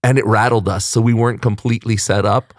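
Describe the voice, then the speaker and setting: A man hosting a podcast in casual chat, animated and quick to laugh, often jumping up high for emphasis. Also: no room sound, studio quality. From United States. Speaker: podcast host. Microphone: studio mic.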